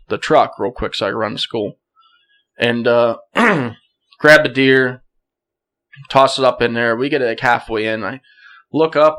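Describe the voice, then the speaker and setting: A young man, a podcast guest, telling a hunting story in a casual, animated way, often laughing and clearing his throat. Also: mid-range voice.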